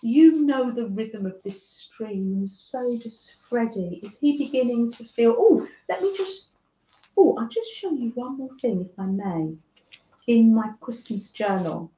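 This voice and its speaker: A woman from northern England who hosts a craft livestream, chatting gently with viewers by name and often laughing as she works. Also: fairly high pitch, lively intonation, unhurried. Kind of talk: casual chat with live viewers while crafting. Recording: echoey room, dull lo-fi sound.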